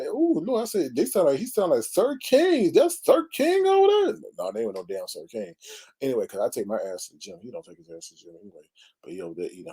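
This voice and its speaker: A man hosts a casual commentary show in a sassy, exclamatory style full of dramatic asides. His voice is husky and mellow, and it swings lively up and down. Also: a little high. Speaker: commentary channel host.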